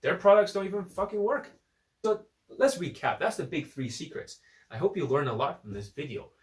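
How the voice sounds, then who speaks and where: A man's voice: a little high, animated, moderate pace, reverberant, recorded from a distance. A man giving a blunt, profane, combative unscripted rant to camera as a dating coach, recorded on his phone.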